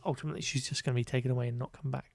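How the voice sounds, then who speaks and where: A man's voice: mid-range voice, fairly even intonation, very fast, creaky, darkish tone, dry recording. A man co-hosting a casual podcast, recapping a film in a wry, exasperated way with lots of fillers. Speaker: podcast co-host. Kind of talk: casual chat reviewing a film.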